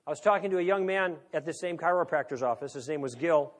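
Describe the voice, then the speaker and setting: A man's voice: on the high side, quick pace. A man lecturing an audience in a conversational, wry way, leaning on rhetorical questions. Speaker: speaker.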